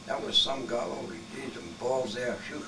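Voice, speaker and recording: A man's voice: mid-range voice, fairly even intonation, normal speed. A man in his eighties telling old stories in a rambling, salty way, chuckling through his tales at a family gathering. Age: 80s. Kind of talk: casual storytelling. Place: family birthday gathering at home. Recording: distant home-video recording with background noise.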